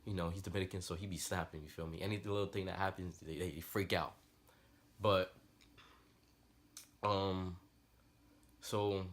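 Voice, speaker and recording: Young guy with a deep voice, rambling slangy story, all fired up. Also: moderate pace, long pauses. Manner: slangy, rambling, animated retelling. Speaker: vlogger. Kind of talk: casual storytelling.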